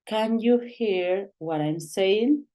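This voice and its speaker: A woman teaching an online English grammar lesson, reading exercise lines aloud in a slow, halting way. English is not her first language. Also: medium pitch, dark tone. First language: Spanish.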